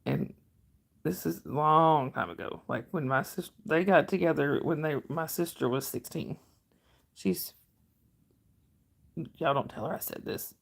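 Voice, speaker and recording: Low, creaky and unhurried, this voice belongs to a livestream host, a middle-aged northern Georgia woman with a Southern drawl. She lets long pauses hang while she chats casually and rambles amiably through replies to viewer comments.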